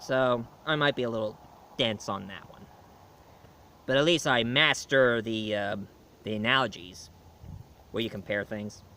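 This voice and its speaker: A man's voice: medium pitch, unhurried, long pauses, sharp tone, slight background noise. A man giving a casual film and comic review, rambling along with many fillers and restarts.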